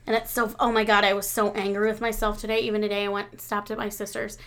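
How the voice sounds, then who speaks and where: This podcast co-host is a woman in her thirties who speaks at a fast clip with a medium-pitched voice. She tells stories in a casual chat, laughing through them and getting animated whenever she quotes someone.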